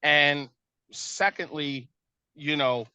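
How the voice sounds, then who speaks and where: Man, exasperated, casual storytelling, quotes the argument, higher voice, dry sound. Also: extremely slow, pushed and bright, clean tone, no room sound. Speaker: stepparent telling a family conflict. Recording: dull lo-fi dry recording.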